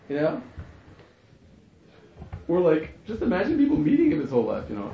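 A man's voice: fairly high pitch, big pitch swings, brisk, long pauses, mellow. A man teaching a class in a humorous lecture, repeating phrases and chuckling at his own jokes. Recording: echoey room, muffled, faint hiss.

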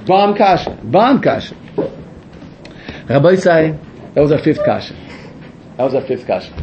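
A man teaching a Torah lesson to a class, excitable and full of rhetorical questions, often correcting himself mid-sentence. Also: mid-range voice, measured pace, pauses often, dull audio, background noise.

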